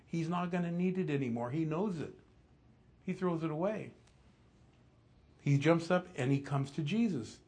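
A man preaching an expository sermon, telling the story with animation and dropping low and soft for emphasis. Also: animated, normal speed, pauses often, slightly rough. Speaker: pastor.

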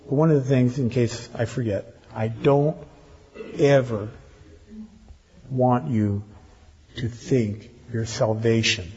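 A man's voice: mid-range voice, fairly even intonation, slow, pauses often, warm tone, slight background noise. An older man preaching a sermon to his congregation, with teasing asides to the ladies in the pews. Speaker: pastor. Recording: dull lo-fi church recording.

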